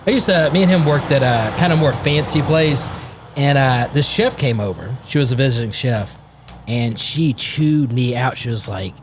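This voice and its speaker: A man co-hosting a podcast outdoors, telling a kitchen story in a relaxed, rambling way. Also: mid-range voice, moderate pace, background noise. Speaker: podcast co-host. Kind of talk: casual chat.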